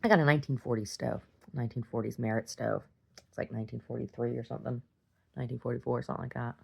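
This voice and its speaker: A woman's voice: a bass voice, steady tone, quick pace, creaky, darkish tone, slightly rough. A woman talking casually in a video diary, chatty and self-interrupting, laughing often. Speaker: video diarist.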